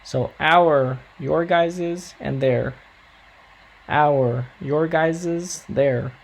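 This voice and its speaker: A man's voice: fairly high pitch, extremely slow, gravelly. A man teaching a recorded Spanish grammar lesson, coaching students patiently and checking in often with "all right?".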